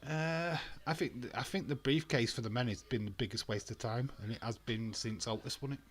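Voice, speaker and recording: A man talking through a wrestling watch-along in a loose, casual way. He is blunt and opinionated, ranting and swearing freely, and his voice sits at an ordinary mid pitch for a man. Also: a little fast. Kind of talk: casual live commentary.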